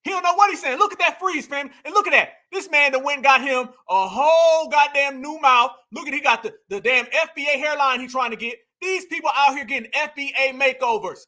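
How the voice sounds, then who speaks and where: A man's voice: very high voice, a little fast, few pauses, pushed and bright. A man hosting a heated online reaction commentary, mocking as he talks to his chat.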